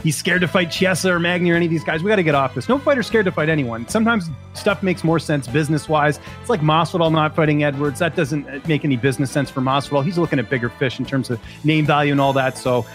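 A man's voice: on the high side, fast, hardly any pauses, a bit bright, faint music behind. A man from Canada, a journalist guest on a casual podcast, who jokes and then argues his opinions in earnest. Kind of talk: casual chat.

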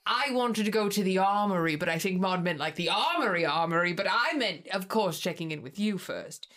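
A woman's voice: mid-range voice, expressive, a little fast, fairly bright tone, close to an everyday voice. A woman voicing a prim, overly polite woman adventurer who talks in a formal, flustered way.

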